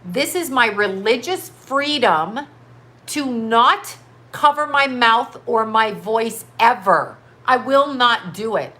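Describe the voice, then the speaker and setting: A woman in her fifties on a livestream, pouring out an emphatic, profane rant with one rhetorical question after another. Her voice sits a bit high and rings bright and forceful. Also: lively intonation, slow. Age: 50s. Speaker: livestream host.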